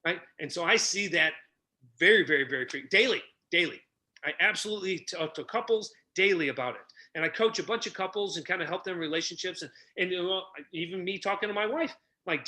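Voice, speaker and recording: A middle-aged man who tells stories with a lot of energy on a podcast and acts out the people he quotes. He works as a relationship coach. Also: quick pace. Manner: energetic, acts out quotes with big pitch jumps. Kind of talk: animated storytelling.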